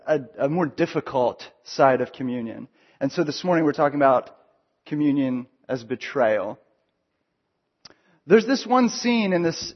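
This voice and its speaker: A pastor preaching a sermon to his congregation in a casual, conversational way, with frequent fillers and restarts. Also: fairly high pitch. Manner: conversational, with fillers and repeated starts. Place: church sanctuary. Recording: dull sound with long hall reverb.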